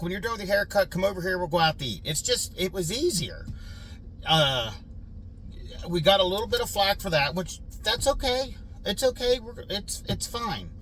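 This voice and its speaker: Filming himself on a handheld phone outside on his farm, a middle-aged man talks casually to viewers in an earnest, defensive way, using many fillers. His slightly high voice is bright and forceful, with slight background noise behind it.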